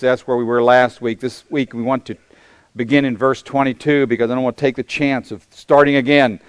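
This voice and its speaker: Smooth-voiced man preaching deliberately. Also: mid-range voice, dry recording. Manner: measured, deliberate preaching with emphatic pauses. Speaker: pastor. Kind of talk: sermon.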